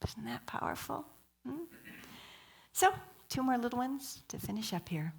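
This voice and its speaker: A woman's voice: a little high, animated, unhurried, vocal fry, slight background noise. A woman giving a sermon at a church, telling stories, asking the audience questions and dropping to a whisper for emphasis. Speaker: guest speaker.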